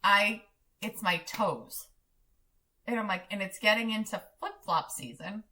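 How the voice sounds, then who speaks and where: A woman co-hosting a casual chat, an animated storyteller who acts out what people said. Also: medium pitch, a little slow, far from the mic. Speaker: podcast co-host, nurse. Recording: set back from the mic.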